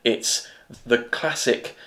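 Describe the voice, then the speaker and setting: A man's voice: takes it slowly, sharp tone. A man co-hosting a casual chat about TV, talking in a thoughtful, analytical way and weighing each point. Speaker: podcast co-host.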